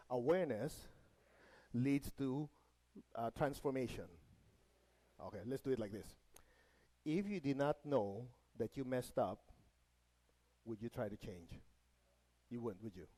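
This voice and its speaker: A man's voice: mid-range voice, mellow, low-quality recording. A man teaching a spiritual lesson to a live group. He often checks in with the audience, has them repeat phrases after him, and slips in light jokes. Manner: light joking asides. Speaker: meditation teacher.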